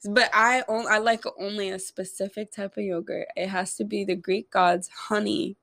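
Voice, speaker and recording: A woman with a mid-range voice and a gravelly edge chats and teases her friends. She talks freely and playfully in a casual group chat. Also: mid-range voice, steady tone, normal speed, fairly bright tone, no echo. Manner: teasing, chatty. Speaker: podcast co-host.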